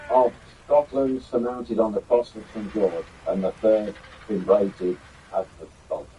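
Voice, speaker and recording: An older man hosts a YouTube history video, chatting casually about an old keepsake in a show-and-tell style, rambling a bit and using filler words. His voice is fairly low and dark in tone. The audio is poor, with slight background noise.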